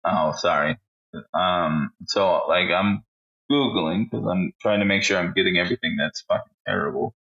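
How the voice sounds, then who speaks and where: A man's voice: deep voice, moderate pace, vocal fry, fairly bright tone, muffled recording. A man co-hosting a casual podcast, blunt and profane, reading out a ranked list with running commentary. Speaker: podcast co-host.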